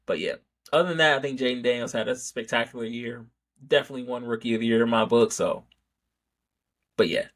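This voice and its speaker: A man's voice: medium pitch, quick pace, pauses often, a bit bright. A man hosting a sports podcast, giving a casual, rambling opinion monologue full of self-corrections and rhetorical "right?" asides. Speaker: podcast host.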